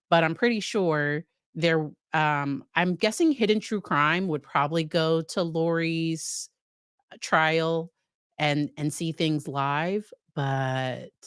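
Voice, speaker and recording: Talking informally to her live chat about a court case, the psychologist calls out viewers by name and often restarts herself or uses fillers. Her low voice is clear and resonant, captured in a dry, clean studio recording.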